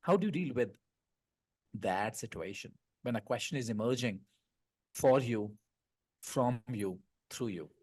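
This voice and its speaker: A man with a husky, slightly rough voice, hosting a podcast over a video call. He asks questions thoughtfully and often rephrases them as he goes. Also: medium pitch, expressive, a little slow, pauses often, a little mellow. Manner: reflective, stacks up rephrased questions. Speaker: podcast host. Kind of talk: interview questions.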